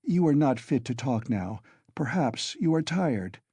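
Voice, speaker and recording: A man voicing a proud but gentle young woman who speaks softly yet firmly, pitched above his own voice. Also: normal speed, breathy edge, no room sound, studio quality. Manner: soft but firm.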